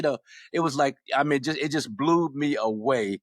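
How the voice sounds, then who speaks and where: A man in his sixties from Los Angeles, a former basketball player telling stories as a podcast guest, animated and often repeating words as he restarts. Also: medium pitch, moderate pace, dry recording, clean studio sound. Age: 60s. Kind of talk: casual storytelling.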